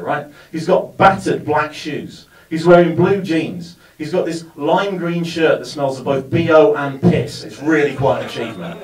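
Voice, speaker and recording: A man performs stand-up, spinning a long anecdote with a wry, building delivery. His voice sits a little high. He is caught from a distance in a roomy, echoing venue. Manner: wry, storytelling, building to punchlines. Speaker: stand-up comedian. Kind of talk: stand-up comedy set. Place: live comedy venue with audience. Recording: roomy sound, mic far from speaker.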